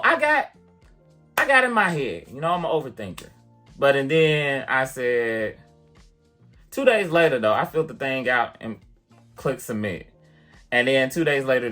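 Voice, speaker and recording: A man talks straight to the camera in an easygoing vlog, retelling a personal story with a bright, forward tone. His delivery is chatty and animated, peppered with casual fillers. Faint music plays underneath. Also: medium pitch. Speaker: vlogger and piano teacher.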